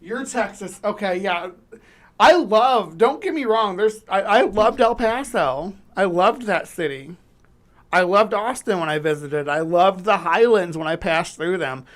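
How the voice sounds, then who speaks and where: A woman chatting casually as host of a live stream, her voice in an ordinary middle pitch. She rambles, loops back and restarts her sentences often, with plenty of fillers. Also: expressive, a little slow. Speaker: livestream host. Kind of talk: casual livestream chat.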